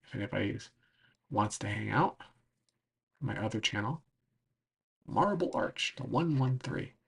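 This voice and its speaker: Streamer, male, rambling casual map recap with a rough, fry-laden voice that's wearing out. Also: on the low side, normal speed. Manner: rambling, full of "like" and "um". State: losing his voice.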